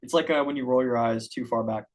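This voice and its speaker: A man joins a podcast as a guest, keeping his part in the casual chat brief and low-key. His voice sits in an ordinary mid range with a relaxed delivery. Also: fast. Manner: low-key, short laid-back replies.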